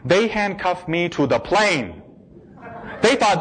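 An American man giving a personal testimony in a lively storytelling manner. He acts out the voices of the people he quotes and repeats words for emphasis. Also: high-pitched, a little slow, poor audio. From United States. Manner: emphatic repetition.

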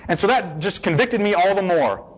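A man giving an emotional personal testimony, shifting between hushed, slow passages and excited bursts. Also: high-pitched, poor audio.

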